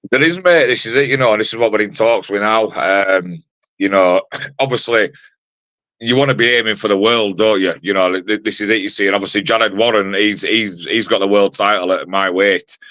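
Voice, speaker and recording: Brash man in his forties, very low voice, dry close sound, swaggering fight talk. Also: fairly quick, bright, forceful tone, no echo. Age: 40s. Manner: brash, sweary trash talk with many fillers. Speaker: bare-knuckle fighter. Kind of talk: fight promo interview.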